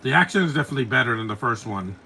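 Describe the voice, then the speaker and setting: A man in his forties talks over a film in a live commentary podcast. His voice is bright and forceful at a middle pitch. He is blunt and opinionated, and he rambles from one gripe to the next. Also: expressive, racing, gravelly, slight background noise. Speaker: podcast host.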